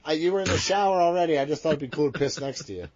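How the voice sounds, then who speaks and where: A man with a fairly high voice co-hosting a podcast, rambling and swearing as he gets excited. The audio is dull and lo-fi. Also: very fast. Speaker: podcast co-host. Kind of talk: casual podcast chat.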